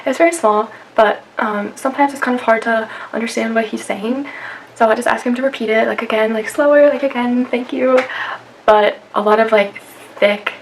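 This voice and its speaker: A woman's voice: mid-range voice, low-quality recording. Chatty young woman vlogger. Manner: chatty, many fillers and "like". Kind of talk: casual talk to camera. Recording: faint background noise.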